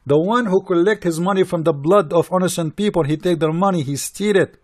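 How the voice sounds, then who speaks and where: A man with a high-pitched, somewhat dark voice delivers a brisk, heated polemic against religion, indignant and mocking as he fires off rhetorical questions. He speaks non-native English, recorded in studio quality with no echo.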